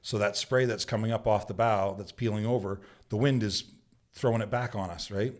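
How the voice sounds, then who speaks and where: A man's voice: fairly low pitch, brisk. A man from Canada, a bushman guest on a podcast, telling stories in a casual studio chat, acting out quoted lines and often asking "right?". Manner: animated storyteller who acts out quotes, says "right?" often. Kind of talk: casual storytelling.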